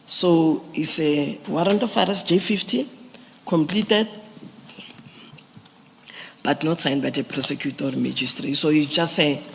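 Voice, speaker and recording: A man giving formal testimony to a commission, explaining police procedure step by step with halting restarts. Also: fairly high pitch, vocal fry, slight background noise. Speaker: police witness at a commission hearing. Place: large hearing room. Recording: echoey hearing room.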